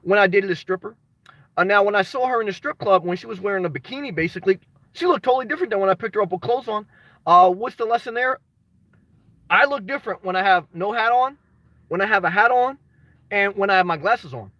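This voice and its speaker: A man chatting casually on a livestream, greeting viewers by name and rambling through anecdotes with sudden animated shouts. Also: sits high, fast, no echo. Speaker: vlogger reading live chat.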